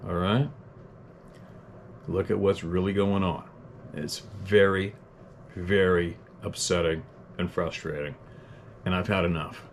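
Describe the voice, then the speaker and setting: Guy, kinda low voice, swears a lot, goes off on blunt heated rants on his podcast. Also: steady tone, slow pace, pauses often, slight background noise. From Canada. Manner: blunt, profane, heated ranting; self-deprecating chuckles. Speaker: podcast host reading listener letters. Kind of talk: unscripted podcast monologue.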